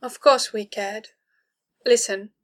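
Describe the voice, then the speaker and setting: A woman reading the part of an ancient, gentle alien man in a story, with calm and solemn speech. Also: on the high side, slow pace.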